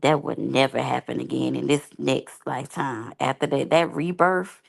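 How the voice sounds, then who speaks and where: A woman's voice: very deep voice, steady tone, normal speed, creaky, slightly rough. A woman giving candid, rambling, slangy commentary as a reality TV reviewer. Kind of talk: casual unscripted commentary.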